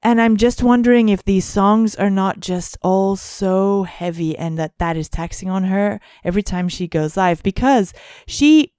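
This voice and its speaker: Woman, podcast co-host, smooth clear voice, dry close sound, halting musing delivery. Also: medium pitch, a little mellow, no echo. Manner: hesitant, many fillers and restarts, musing. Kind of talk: casual podcast chat.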